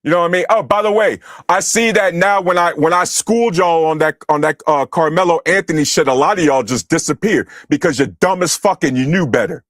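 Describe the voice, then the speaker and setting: A man's voice: on the high side, a little fast, hardly any pauses, fairly bright tone, dry recording, clean studio sound. A man from the United States hosting a livestream, ranting angrily and profanely at his chat and berating commenters. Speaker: livestream host. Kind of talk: angry livestream rant at chat.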